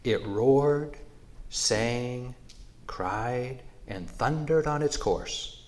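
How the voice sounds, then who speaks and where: A man telling a traditional animal story in a measured, unhurried narration. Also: mid-range voice, darkish tone.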